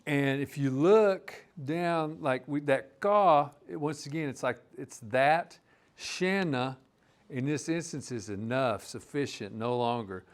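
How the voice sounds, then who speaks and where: A man teaching a live language class, explaining words in a relaxed, rambling way with many restarts. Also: medium pitch, slow.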